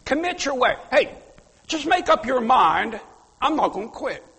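A man preaching a sermon, fiery and emphatic, with sudden loud outbursts. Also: very high-pitched, sing-song, unhurried, husky, big-room sound. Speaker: pastor.

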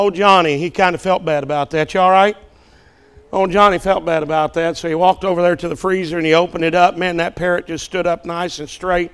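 At a church service, a male preacher tells a joke from the pulpit and calls out to the congregation in a folksy, joking way. His voice is on the high side with a clean tone.

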